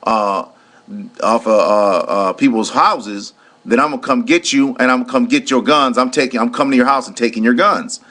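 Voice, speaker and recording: A man putting on a stern, dismissive police sergeant who speaks in a higher, louder voice than usual. He gives curt orders and repeats himself. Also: moderate pace.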